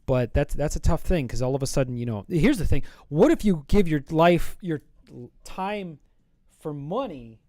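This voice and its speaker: A man's voice: fairly high pitch, animated, normal speed, warm tone, dry recording. A man chatting casually on a live stream while he draws, rambling and playful as he thinks aloud.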